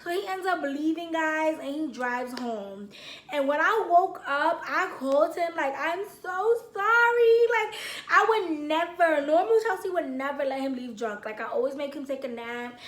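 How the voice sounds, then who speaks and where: A woman's voice: sits high, expressive, moderate pace, reverberant. A young woman telling a casual storytime to her viewers, acting out both sides of a quarrel. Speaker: vlogger.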